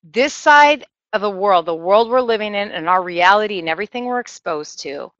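Woman teacher, earnest informal sermon, bright tone, dry slightly dull recording. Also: mid-range voice, expressive, moderate pace, no room sound. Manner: earnest, conversational, self-deprecating asides. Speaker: speaker teaching a church group.

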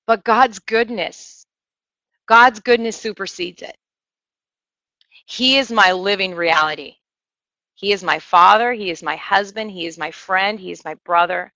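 Woman teacher, earnest informal sermon, bright tone, dry slightly dull recording. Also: medium pitch, measured pace, pauses often, no room sound. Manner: earnest, conversational, self-deprecating asides. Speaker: speaker teaching a church group.

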